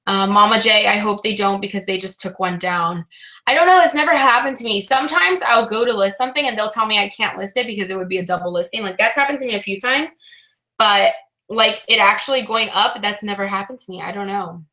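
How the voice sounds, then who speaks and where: A young woman with a bright, clear tone talks casually to her live-stream chat from home. She rambles openly, trailing into fillers and restarts, and sounds a little flat and frustrated throughout. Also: medium pitch, fairly quick. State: low-spirited, frustrated. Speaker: reseller vlogger answering live chat.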